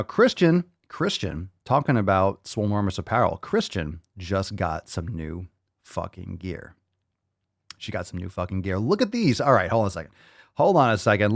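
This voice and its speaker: A man's voice: lowish voice, dry recording, clean studio sound. A man hosting a podcast, talking casually with lots of swearing, jokes and repeated phrases. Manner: profane, jokey, repeats phrases. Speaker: podcast host.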